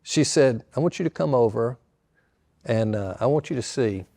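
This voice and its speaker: An older pastor with a drawl spins a folksy story. He slips into the voices of the people he quotes, and his pitch sits in an ordinary middle range. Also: moderate pace, gravelly. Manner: folksy, animated retelling with quoted dialogue. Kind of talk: storytelling to a live audience.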